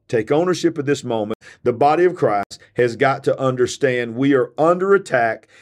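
A man's voice: medium pitch, a little mellow. A man delivers a sermon-style podcast with fiery, emphatic conviction and leans hard on repetition. His voice sounds tired, yet he keeps pushing forward like a preacher in full flow. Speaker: preacher and show host.

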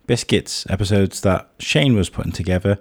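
A low, husky male voice, hoarse from a cold, talking through a podcast intro in a loose, rambling way. The sound is close and dry, with no room around it. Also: moderate pace, no room sound. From England. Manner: chatty, rambling with ums. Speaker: podcast host.

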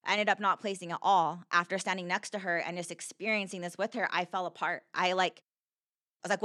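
A woman's voice: fairly low pitch, steady tone, a little fast, pushed and bright, no room sound, studio quality. A woman telling her personal story as a podcast guest, earnest and heartfelt, with lots of "like" fillers. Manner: earnest, heartfelt, heavy use of "like".

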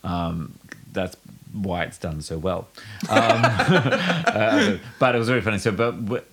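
Man, low voice, casual podcast chat, rambling storyteller, giggly. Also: very animated, takes it slowly, fairly bright tone, a little hiss or hum. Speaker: podcast co-host.

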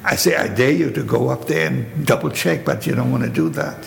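A man's voice: medium pitch, a little fast. An older man from Germany with a German accent, telling his survival story in a spoken testimony with vivid storytelling and rhetorical questions. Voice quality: gravelly. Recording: echoey hall with faint noise.

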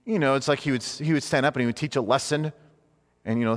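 A man's voice: mid-range voice, fast. A man teaching in a conversational sermon style, earnest and informal, often rephrasing himself mid-thought. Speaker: preacher teaching a class. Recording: long hall reverb.

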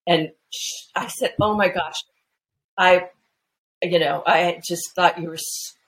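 A woman guest telling family anecdotes in a casual, animated way, full of restarts and fillers. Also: lowish voice, slow pace, a little hiss or hum, poor audio. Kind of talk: casual storytelling chat.

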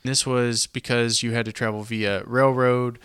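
Bright, clear-voiced Southern man. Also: mid-range voice, flat delivery, measured pace, no room sound, clean studio sound. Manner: conversational, explains with asides. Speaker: podcast host. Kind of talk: casual history podcast narration.

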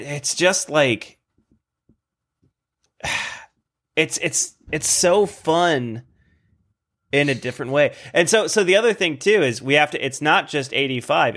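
A man's voice: medium pitch, fairly bright tone. A man co-hosting a movie podcast, hesitant and searching for words, with many restarts. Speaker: podcast co-host. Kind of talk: casual movie discussion.

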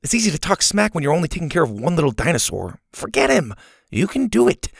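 A man's voice: fairly high pitch, huge pitch swings, fast talker, creaky, slightly rough, no echo, studio quality, pitched above the performer's own voice, exaggerated voice. A man voicing a kind, earnest boy who talks supportively to his friend. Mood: encouraging. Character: kind, encouraging boy camper.

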